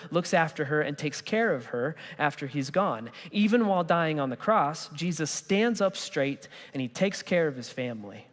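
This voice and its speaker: A man preaching a sermon as pastor, in a lively, conversational way with casual slang. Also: fairly high pitch. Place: church auditorium. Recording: church hall reverb.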